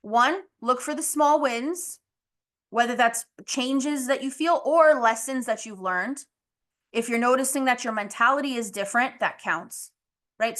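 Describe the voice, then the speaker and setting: A woman's voice: fairly high pitch, unhurried, a bit bright. A woman hosting a casual motivational podcast, talking candidly with lots of "like" and "you know" and the odd swear, her voice a little strained as she loses it. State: losing her voice, clearing throat. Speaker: podcast host.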